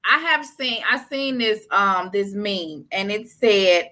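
A woman's voice: medium pitch, lively intonation, slow pace, sharp tone. A woman co-hosting a casual podcast, talking in an emphatic, argumentative way. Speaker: podcast co-host. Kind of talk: casual opinionated chat.

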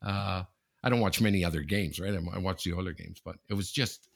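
A man co-hosting a casual sports podcast, talking in an animated, repetitive way, often tossing in "okay?" and swearing freely. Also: low voice, a little fast, creaky. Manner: animated and repetitive, keeps saying "okay?" and the host's nickname. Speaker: podcast co-host.

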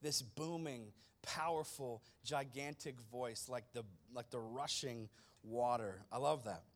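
A man preaching a sermon to his congregation, speaking dramatically and addressing listeners directly, swinging from hushed tones to loud emphasis. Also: mid-range voice, slow pace. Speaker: pastor.

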